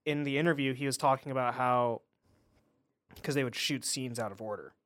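A man co-hosting a podcast in casual chat, who acts out quotes in quick character voices. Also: medium pitch, a bit bright, no room sound, clean studio sound. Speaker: podcast co-host.

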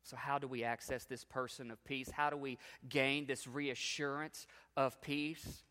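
A man preaching a sermon as a pastor, emphatic, swinging between soft low drops and rising peaks. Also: little pitch movement, measured pace, smooth, big-room sound.

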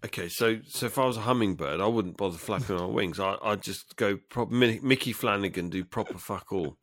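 A man's voice: fairly low pitch, fairly bright tone, no echo, clean studio sound. A man co-hosting a podcast, playful and jokey in casual chat. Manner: playful, jokey, quick to laugh. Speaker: podcast co-host.

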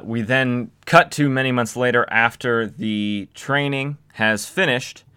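A man's voice: on the low side, bright, forceful tone, clean tone. A young man casually recapping old comics as a podcast host, with wry, sarcastic asides.

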